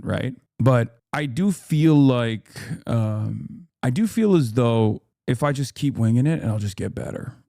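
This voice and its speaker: A man's voice: mid-range voice, gravelly, warm tone, no room sound, clean studio sound. A man in his thirties talking casually on a live stream, rambling with restarts and fillers and reading viewer comments aloud.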